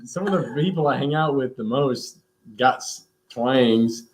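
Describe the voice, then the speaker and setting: A man's voice: medium pitch, unhurried. A young man with a slight country twang, joking around in a casual family chat. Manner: relaxed, joking, lively intonation.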